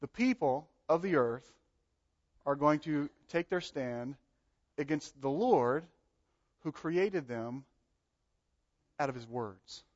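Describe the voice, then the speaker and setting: A man preaching a sermon, animated, acting out the voices he quotes and swinging between loud and soft. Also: fairly high pitch, takes it slowly, pauses often. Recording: dull lo-fi sound.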